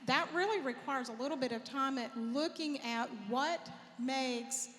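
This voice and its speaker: A woman's voice: high voice, a little slow, fairly bright tone. A woman speaking as a panelist, firm and emphatic. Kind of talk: convention panel talk. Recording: hall reverb with faint noise.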